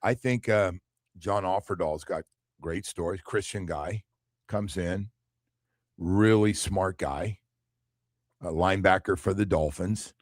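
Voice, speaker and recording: A middle-aged man hosting a sports talk radio show, chatting casually and telling animated stories with quoted asides. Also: takes it slowly, long pauses, dry recording, clean studio sound. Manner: animated storyteller, drops into low quoted asides.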